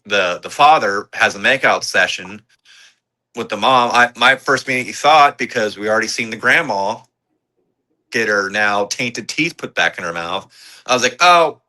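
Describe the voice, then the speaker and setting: A man's voice: fairly low pitch, pushed and bright, poor audio. A man co-hosting a podcast, chatting casually about a horror film and mimicking characters' reactions. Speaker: podcast co-host. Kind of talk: casual movie review chat.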